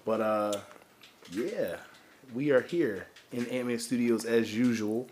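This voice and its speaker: A man's voice: medium pitch, slow pace, a little mellow, a little hiss or hum. A man hosting a casual podcast from a small studio, talking loosely, rambling and swearing freely. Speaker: podcast host. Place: home studio.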